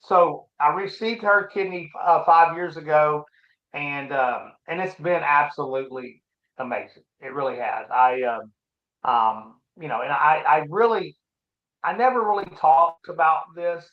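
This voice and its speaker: A middle-aged man as an interview guest, telling his personal story in a halting, reflective, earnest way. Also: on the high side, lively intonation. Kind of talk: casual conversation, personal story. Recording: roomy, dull lo-fi sound.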